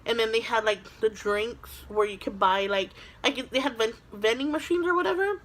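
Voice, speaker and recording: A woman's voice: a little high, normal speed, fairly bright tone. A young woman vlogger telling a storytime tale in a chatty, dramatic way, filling her talk with "like", recorded on a phone camera at home. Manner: dramatic, chatty, says "like" constantly. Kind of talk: storytime vlog.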